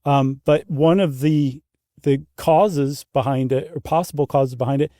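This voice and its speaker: Man, mellow tone, easygoing podcast chat, dry close sound. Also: mid-range voice, fairly even intonation, unhurried, dry recording. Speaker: podcast co-host. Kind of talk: casual chat.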